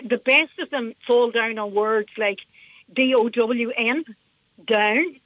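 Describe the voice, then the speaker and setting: Female caller, Northern Irish Armagh accent, lively anecdotal chat, dull phone sound. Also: on the high side, measured pace, dry recording. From Northern Ireland. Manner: lively storyteller, laughs often. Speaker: radio caller. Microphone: telephone. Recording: muffled phone line.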